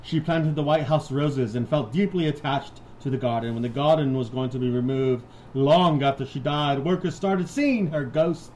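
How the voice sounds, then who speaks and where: A man's voice: fairly high pitch, normal speed, hardly any pauses, a little mellow, a little hiss or hum, poor audio. A man co-hosting a comedy podcast, reading ghost stories and joking crudely. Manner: crude, joking, laughs often. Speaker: podcast co-host. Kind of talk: casual comedic chat and reading.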